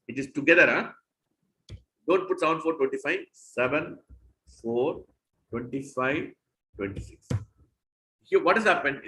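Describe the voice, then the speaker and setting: A man teaches a devotional scripture class, his bright voice swinging widely in pitch as he quotes and explains verses. He speaks a little higher than most men, and the room gives his voice a roomy echo. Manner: animated, emphatic teaching with Sanskrit verses.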